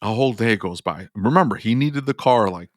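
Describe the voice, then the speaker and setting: Auto shop owner, male, lowish voice, animated storyteller who voices his customers, dry close sound. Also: brisk, no room sound. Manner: animated, acts out both sides of phone calls. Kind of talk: podcast storytelling.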